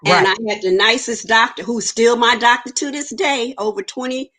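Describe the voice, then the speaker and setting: A woman's voice: fairly high pitch, normal speed, pushed and bright. A woman, giving an earnest personal testimony in an interview and acting out the dialogue she quotes. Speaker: interview guest.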